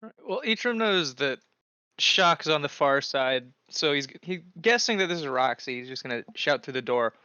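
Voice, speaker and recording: A man's voice: a little high, expressive, normal speed, sharp tone, smooth, no echo, lo-fi sound. A man playing in a tabletop role-playing game, talking casually and often stammering as he starts a sentence. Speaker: player.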